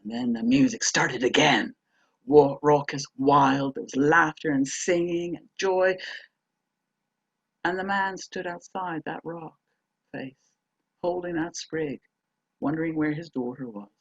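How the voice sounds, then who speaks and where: A woman telling a folk tale aloud, dramatic, moving between hushed and emphatic delivery. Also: low voice, steady tone, measured pace, pauses often, husky, no echo, highs cut off. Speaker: storyteller. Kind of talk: oral folk-tale storytelling.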